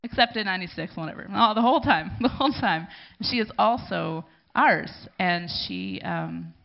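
A woman with a gravelly, creaky edge to her voice gives an emotional thank-you speech at a church gathering. She speaks haltingly and pauses to collect herself. The recording sounds dull and lo-fi. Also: medium pitch, sing-song. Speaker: church community leader. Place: gathering in a room.

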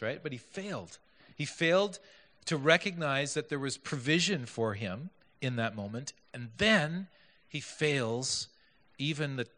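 A male preacher gives a sermon with a bright, forceful voice that sits a little high. He speaks conversationally, putting questions to the congregation and making joking asides. The sound carries a long echo from a large hall. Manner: conversational, asks the audience questions, self-deprecating asides. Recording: echoey hall.

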